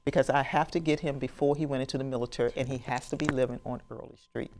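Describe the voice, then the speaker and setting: A woman's voice: very deep voice, quick pace, background noise. A woman in her sixties, a professional genealogist, telling a story to an audience and acting out the conversations in it. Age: 60s. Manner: animated storyteller who acts out dialogue and laughs.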